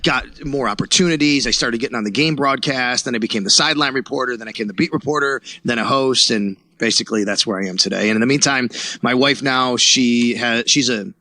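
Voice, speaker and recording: A man in his forties, a guest on an interview podcast, telling his story in an animated way and acting out what others said. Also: mid-range voice, fast talker, no echo. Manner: animated storyteller who acts out quotes, laughs. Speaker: guest, sports radio reporter.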